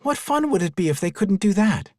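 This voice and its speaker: A man's voice: high-pitched, big pitch swings, a little fast, a little mellow, no room sound, studio quality, pitched above the performer's own voice. A man voicing a playful woman who coaxes and delights in mischief. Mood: coaxing. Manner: coaxing and delighted.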